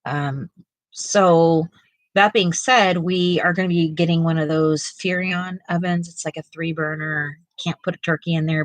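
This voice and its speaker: A woman's voice: on the low side, steady tone, a little slow, no room sound, rough recording. A middle-aged woman co-hosting a live art stream, chatting casually and rambling with lots of fillers and restarts. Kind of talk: casual chat while painting.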